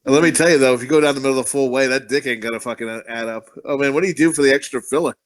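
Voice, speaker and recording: A man's voice: medium pitch, very fast. A man co-hosting a movie review podcast, joking crudely with lots of swearing and frequent laughter. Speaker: podcast co-host. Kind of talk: casual movie review chat.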